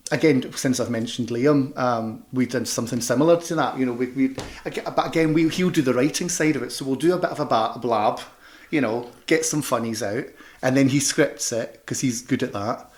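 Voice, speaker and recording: A man with a Scottish Glasgow accent, a panto performer and director, chatting loosely in an interview with many restarts. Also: medium pitch. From Scotland. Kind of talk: casual interview chat.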